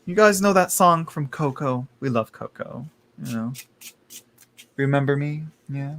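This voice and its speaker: A man hosting a live tarot stream, talking in a campy, gossipy way with plenty of laughter. His voice sits at an ordinary middle pitch. A faint hiss and the sound of shuffling cards stay in the background. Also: animated, a little slow, a bit bright. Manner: chatty, campy, laughs often, addresses viewers as girl. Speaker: tarot reader.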